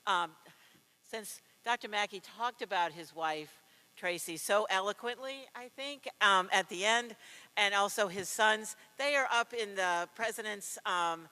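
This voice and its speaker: A woman making an informal announcement at a ceremony, hesitant with many pauses. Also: mid-range voice, sharp tone. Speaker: ceremony speaker.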